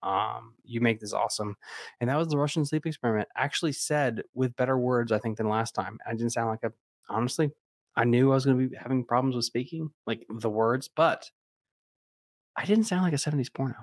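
A man co-hosting a podcast in casual chat, excitable and laughing often. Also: mid-range voice, brisk, no echo, studio quality. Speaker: podcast co-host.

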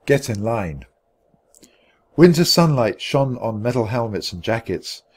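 A man reading a children's chapter book aloud for English learners in a clear, expressive way. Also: medium pitch, a little slow. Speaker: storybook reader.

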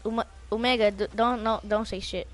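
A young woman streaming a game live, talking to teammates in an excitable, jumpy way and swearing often. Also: fairly high pitch, moderate pace, slight background noise. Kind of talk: live gameplay commentary.

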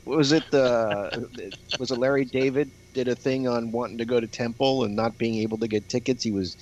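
A man's voice: mid-range voice, fairly even intonation, brisk, darkish tone, highs cut off. An older man in a casual group chat, chiming in with short remarks.

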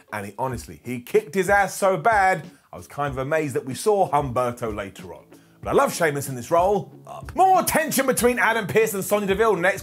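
A man reviewing a wrestling show in a sarcastic, jokey, animated rant. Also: fairly high pitch.

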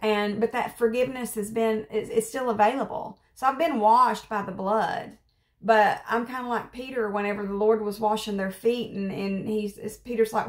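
A woman's voice: medium pitch, fairly even intonation, normal speed. Earnest woman giving a casual devotional. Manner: earnest, conversational, repeats phrases for emphasis; rambling with fillers and restarts. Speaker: devotional speaker.

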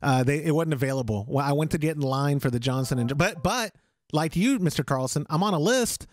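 A man's voice: a little high, animated, brisk, dry recording. A man co-hosting a casual podcast, joking and teasing with frequent laughs. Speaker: podcast co-host.

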